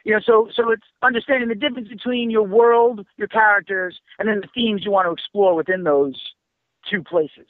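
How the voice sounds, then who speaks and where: A man's voice: high voice, fairly even intonation, fairly quick, dry recording, phone-quality sound. A man who writes and teaches screenwriting, talking casually, rambling and swearing as he tells stories. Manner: profane, rambling storyteller with many fillers. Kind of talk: casual podcast conversation.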